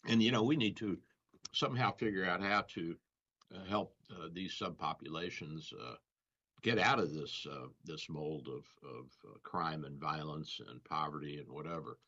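A man's voice: rumbling low, moderate pace, fairly bright tone, breathy edge. A man hosting a radio show as a doctor, in casual banter, rambling and telling stories with chuckles. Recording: dull lo-fi radio audio.

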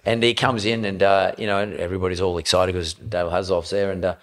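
A man's voice: sits low, little pitch movement, quick pace. A middle-aged Australian man, a podcast guest, telling blunt, swear-laden anecdotes in casual chat.

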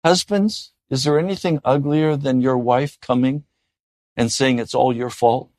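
A man preaching a sermon in an earnest way, often dropping to a soft, gentle tone. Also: medium pitch, steady tone, measured pace, no echo, studio quality. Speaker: pastor.

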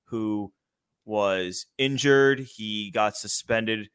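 A man's voice: lowish voice, very slow, fairly bright tone, clear, resonant tone. A man casually chatting about baseball as a podcast host, enthusiastic and loose, with the odd swear. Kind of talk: casual sports chat.

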